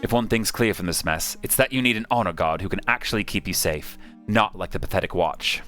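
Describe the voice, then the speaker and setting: A stern, grim female marshal, voiced by a man, speaking lower and quieter than his usual voice. Her warnings are solemn and measured, with faint music underneath.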